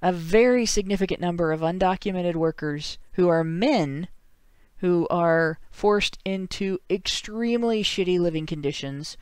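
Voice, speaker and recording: A man with a Northern Ohio accent hosts a livestreamed talk show and reads viewer donations aloud. His voice is smooth and clear and sits a little high for a man. He is dry and sardonic, and he breaks off into chuckling asides. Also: measured pace, a little mellow, no echo. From Ohio, USA.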